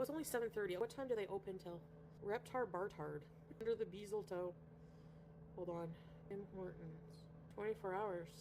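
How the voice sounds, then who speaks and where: A woman's voice: medium pitch, background noise. A woman from Canada chatting casually on a livestream, rambling and greeting viewers by name. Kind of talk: casual livestream chat reading viewer comments.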